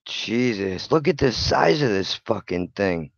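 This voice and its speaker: Sweary sarcastic guy reacting to clips, slow drawl, dry dull-sounding mic. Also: fairly low pitch, expressive, gravelly, no room sound. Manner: blunt, profane, sarcastic. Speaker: channel host. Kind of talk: reaction commentary on videos.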